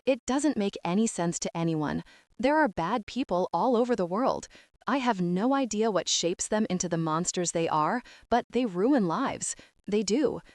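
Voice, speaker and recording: A woman reading a gentle young woman in an audiobook, speaking softly and earnestly to comfort a grieving girl. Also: medium pitch, dry recording, lightly acted.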